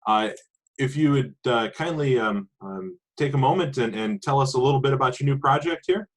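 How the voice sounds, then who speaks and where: A courteous reporter asking halting questions, played by a man. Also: medium pitch, animated, pitched above the performer's own voice, lightly acted. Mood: polite. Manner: hesitant, many fillers. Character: polite woman TV news reporter.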